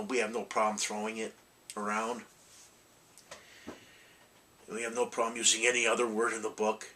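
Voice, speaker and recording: A man rambles through a casual collectibles vlog, blunt and full of restarts and mild curses. His voice is bright and forward. He sits a little away from the microphone. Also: on the low side, distant mic, slight background noise, poor audio. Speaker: collectibles channel host.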